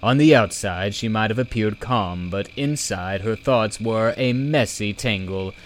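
A man narrating a storybook in a slow, measured reading. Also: on the low side, slight background noise. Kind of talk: audiobook narration.

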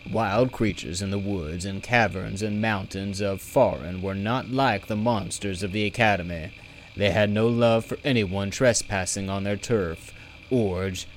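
Slow, measured male audiobook narrator. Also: fairly low pitch, a little hiss or hum, low-quality recording. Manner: measured, steady storytelling. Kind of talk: scripted narration.

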